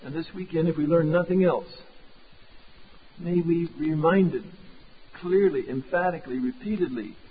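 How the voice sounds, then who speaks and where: Male preacher, raised voice with a rasp, lo-fi narrow recording, emphatic sermon delivery. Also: fairly high pitch. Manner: emphatic, drops to a hushed tone for prayer. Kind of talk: sermon with closing prayer. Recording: phone-like lo-fi recording.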